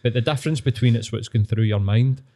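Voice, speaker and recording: A man's voice: medium pitch, fast talker, warm tone. A Scottish man co-hosting a podcast, chatting casually, swearing and reflecting, calling his friend mate. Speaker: podcast co-host.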